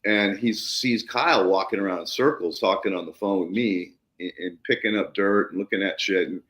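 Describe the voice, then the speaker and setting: A man's voice: deep voice, moderate pace. A middle-aged man hosting a podcast, telling farm stories casually and acting out the people he quotes. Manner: animated anecdote-telling, acts out the people he quotes. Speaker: podcast host. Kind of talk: casual storytelling chat.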